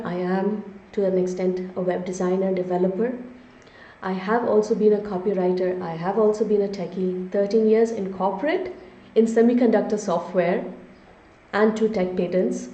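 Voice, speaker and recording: A middle-aged woman hosting a live online webinar, presenting upbeat and often checking in with her viewers with a quick "okay?". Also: medium pitch, warm tone. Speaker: webinar host and business strategist. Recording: echoey room, slightly dull lo-fi sound.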